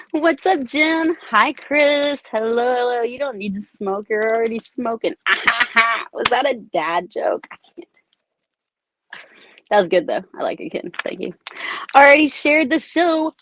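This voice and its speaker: A woman hosting a casual livestream, bubbly and excited, greeting viewers by name as they arrive. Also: fairly high pitch, no room sound. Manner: bubbly, shouts out commenters by name. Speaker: livestream host. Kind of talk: casual live chat with viewers.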